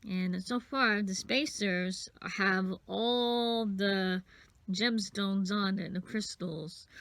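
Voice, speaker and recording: A sniffly woman talks her way slowly through a home craft tutorial, rambling and counting beads under her breath. Her voice has a gravelly edge, and the sound is close and dry. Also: medium pitch, fairly bright tone, no room sound. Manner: rambling, self-interrupting, counting beads aloud. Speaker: craft vlogger.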